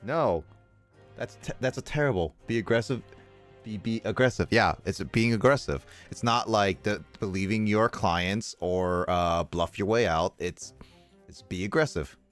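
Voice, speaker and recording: A man's voice: on the low side, unhurried, faint music behind. A man streaming a video game, chatting casually and jokingly as he reads the dialogue. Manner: animated, jokey, reads dialogue aloud. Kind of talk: casual gameplay commentary.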